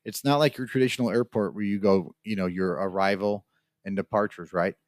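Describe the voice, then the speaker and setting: Guy on a podcast mic, fairly low voice, rambling storyteller, dry close sound. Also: steady tone, brisk, no room sound. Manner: rambling storyteller, acts out the people in his story. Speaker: podcast co-host. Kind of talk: casual chat, telling a long anecdote. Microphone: studio mic.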